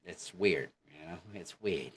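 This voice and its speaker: Male English teacher, deep voice, unhurried delivery, lots of check-ins. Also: lively intonation, slight background noise. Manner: slow and deliberate, keeps checking with "okay?". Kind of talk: online English lesson.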